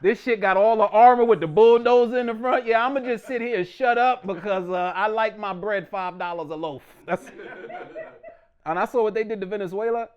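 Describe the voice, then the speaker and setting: A man doing a loud, animated stand-up comedy set in a small room, often slipping into mock voices. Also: sits high, brisk, smooth, dull audio.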